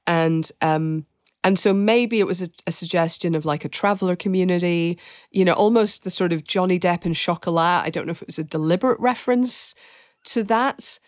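A woman with a lowish voice hosts a casual film chat. She talks in long, reflective sentences that wind as she works through her thoughts. The sound is close and dry, with no room around it. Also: brisk, dry recording. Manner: reflective, thinks aloud in long winding sentences. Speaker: podcast host and film critic.

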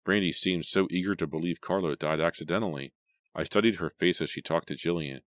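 A man with an extremely deep voice narrates a teen horror novel in a steady, measured read. The sound is dry and close, with no room around it. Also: no room sound. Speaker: audiobook reader.

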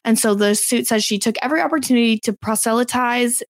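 A fairly high-pitched woman talks quickly with no echo, co-hosting a podcast. Her chat is casual and opinionated, and she says "like" a lot.

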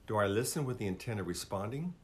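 A man's voice: on the low side, animated, quick pace, a little hiss or hum. A man, a marriage counselor guest, talking casually and emphatically, telling stories and affirming the others. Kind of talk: casual conversation.

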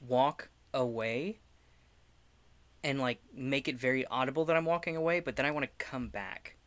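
A man's voice: medium pitch, moderate pace, fairly bright tone, no room sound. A man playing a tabletop role-playing game, chatting casually and swearing. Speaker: player.

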